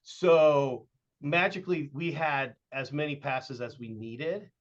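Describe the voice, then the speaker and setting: A man's voice: on the high side, slow pace, highs cut off. A middle-aged man from Southern Oregon, a youth baseball coach and podcast guest, telling long casual stories with lots of fillers. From Southern Oregon, USA. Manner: rambling, with frequent "uh" and "like", acting out quoted dialogue.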